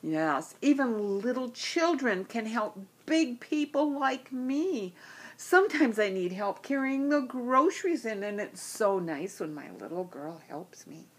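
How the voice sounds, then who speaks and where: A woman telling a children's fable in a gentle, animated way. Her pace is slow and unhurried, with a slightly husky tone. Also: a little high. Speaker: storyteller. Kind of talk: children's storytelling.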